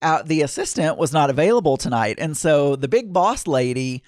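A man's voice: on the high side, very animated, normal speed, a little mellow, dry recording, studio quality. A man casually telling a long personal anecdote in a rambling way, full of fillers and restarts.

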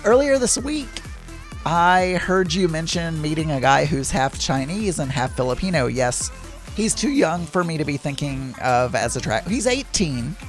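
A man's voice: fairly high pitch, expressive, normal speed, faint music behind. A middle-aged man hosting his own daily podcast, chatting casually and rambling with self-deprecating asides. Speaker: podcast host.

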